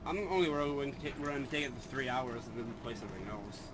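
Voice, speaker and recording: A man's voice: mid-range voice, lively intonation, quick pace, noisy background. A man playing a shooter with a friend, explaining the game bluntly and swearing casually. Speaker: gamer. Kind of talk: casual gaming banter.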